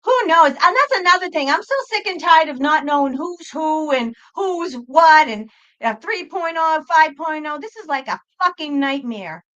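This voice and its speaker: High, bright-voiced swearing woman. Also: animated, moderate pace, highs cut off. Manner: profane, exasperated ranting; talks back to chat viewers. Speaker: psychic livestream host. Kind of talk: livestream chat.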